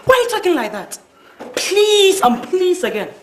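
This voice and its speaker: A woman's voice: extremely high pitch, big pitch swings, normal speed, echoey room, a little hiss or hum. A woman with a Ghanaian accent playing a young wife in a family film drama, pleading and defensive.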